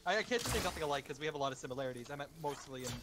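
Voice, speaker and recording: A woman's voice: low-pitched, lively intonation, rapid-fire, crowd noise. A woman playing a game with friends, teasing and calling out plays in casual chat. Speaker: gamer friend.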